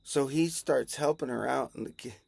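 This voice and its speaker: Man, gravelly rambling storyteller, slow casual delivery, dry close-miked sound. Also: mid-range voice, darkish tone, no echo. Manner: rambling, chuckling, self-correcting.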